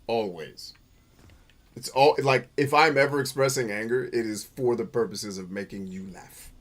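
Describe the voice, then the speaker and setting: A man hosting a gaming show, riffing through casual gameplay commentary, boisterous and playful, full of slang and swearing, with sudden loud outbursts. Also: mid-range voice, moderate pace. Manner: boisterous and playful, bursts into loud shouts and laughter.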